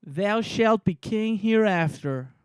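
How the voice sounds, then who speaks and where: A man's voice: high voice, animated, slow, smooth, no room sound, studio quality. A man reading three chanting witches.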